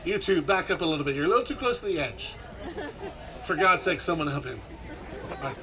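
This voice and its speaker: A man's voice: on the high side, lively intonation, fairly quick, rough recording. A man leading a crowd in live outdoor street theater, commanding and theatrical with dry sarcastic asides. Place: outdoor festival stage.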